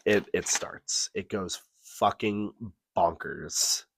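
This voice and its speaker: Low-voiced man telling a wild story. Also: slow, gravelly, dry recording. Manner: profane, animated storytelling with acted-out quotes. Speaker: podcast co-host. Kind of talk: casual storytelling.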